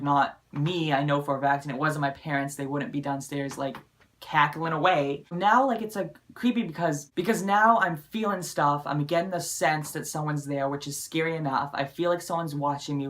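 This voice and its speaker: A man's voice: a little high, a bit bright. A young man vlogging, telling a story in a rambling, emphatic way, filling nearly every phrase with "like" and swearing for emphasis. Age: young adult. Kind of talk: casual storytelling to camera.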